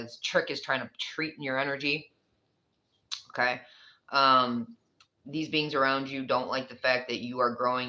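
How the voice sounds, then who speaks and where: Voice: mid-range voice, pushed and bright, highs cut off. A speaker with a New York accent giving a casual, rambling tarot reading, chatty and swearing freely. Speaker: tarot reader.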